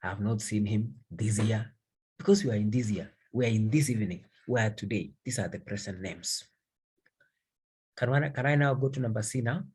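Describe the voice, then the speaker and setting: A man's voice: medium pitch, expressive, a little fast, darkish tone, breathy edge. A man teaching English grammar, emphatic and repetitive, often stopping to check that his students understand. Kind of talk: grammar lesson.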